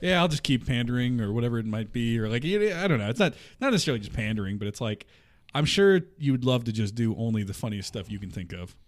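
A man hosting a casual podcast who talks quickly at a middle pitch. He puts long, probing questions to his guest and pads them with fillers like "like" and "you know". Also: lively intonation. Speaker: podcast host. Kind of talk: interview questions.

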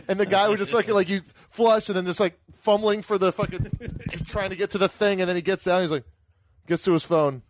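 A man's voice: high voice, fairly quick, slight background noise. A man hosting a podcast, telling a rambling story in casual banter, loose and profane, often laughing. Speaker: podcast host.

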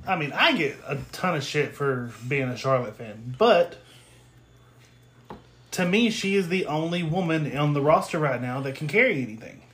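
A man with a slightly high voice chatting casually on a podcast. He restarts and repeats words as he talks. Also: lively intonation, moderate pace, fairly bright tone. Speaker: podcast co-host. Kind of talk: casual wrestling chat.

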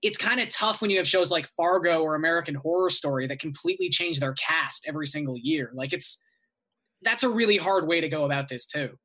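A man co-hosting a podcast, casually thinking out loud in an agreeable way. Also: a little high, a little fast. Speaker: podcast co-host. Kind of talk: casual chat.

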